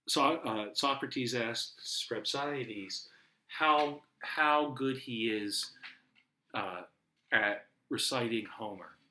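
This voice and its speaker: A man's voice: on the low side, pushed and bright. A man lecturing as a professor, rambling and self-correcting with many fillers. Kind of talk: recorded lecture.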